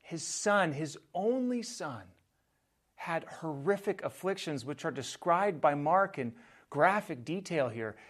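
Slow, measured man preaching a sermon. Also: a little high. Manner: measured preaching, dropping soft on key phrases. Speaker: pastor.

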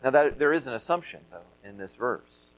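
A man's voice: medium pitch, expressive, normal speed, low-quality recording. A middle-aged man preaching a sermon as pastor, earnest, often repeating and stressing key phrases.

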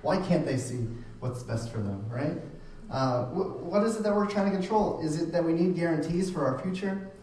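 A man preaching from across a very echoey room, his voice mellow and set back from the mic. He talks in a loose, conversational way, doubling up words as he goes. A faint hum sits under it. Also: fairly high pitch, lively intonation, normal speed, distant mic. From United States. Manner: conversational, repeats words and restarts often. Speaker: pastor. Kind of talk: sermon.

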